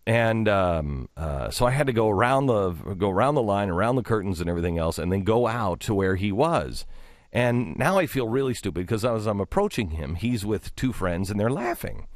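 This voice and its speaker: A middle-aged man hosting a radio talk show, telling a story in a rambling, halting way with many restarts. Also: sing-song, no room sound, studio quality. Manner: rambling, halting with many restarts, drops low for quoted asides. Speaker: radio host. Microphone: studio microphone.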